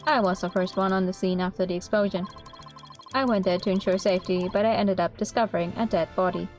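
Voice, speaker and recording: A woman voicing a stiff, robotic-sounding male bomb expert, speaking in flat, clipped, word-by-word phrases. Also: medium pitch, fast, soft background music, natural voice. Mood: deadpan.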